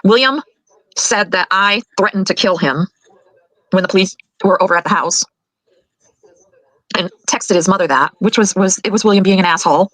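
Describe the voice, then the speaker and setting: An older woman and grandmother giving her side of a family conflict, fast and indignant, getting worked up as she talks. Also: medium pitch, fairly bright tone, dry recording, poor audio. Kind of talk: emotional recorded account.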